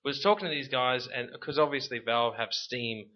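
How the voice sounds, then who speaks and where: A man's voice: mid-range voice, moderate pace. An Australian man hosting a casual podcast chat, rambling and tripping over his words, recorded as slightly dull lo-fi audio. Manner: rambling, trips over words and laughs at himself. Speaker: podcast host.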